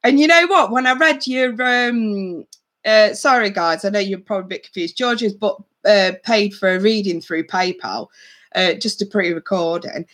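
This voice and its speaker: A woman's voice: medium pitch, moderate pace, fairly bright tone. Chatty woman reader answering live chat. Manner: chatty, reads out viewer comments and answers them, calls people darling. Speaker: psychic reader hosting a livestream. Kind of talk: casual live-stream chat with viewers.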